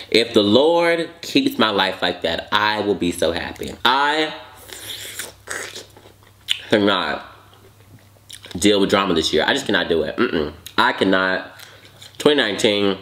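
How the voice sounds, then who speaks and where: A man's voice: fairly low pitch, fairly bright tone. A young man chatting casually while eating on camera, sassy and dramatic, with mouth noises between words. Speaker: vlogger. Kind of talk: casual mukbang chat. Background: eating while talking.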